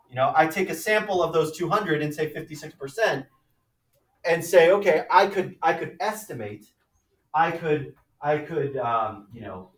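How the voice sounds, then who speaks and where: A man teaching a high school math class, lecturing conversationally and often checking in with "right?" and "okay?". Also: recorded from a distance. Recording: echoey classroom, mic from afar.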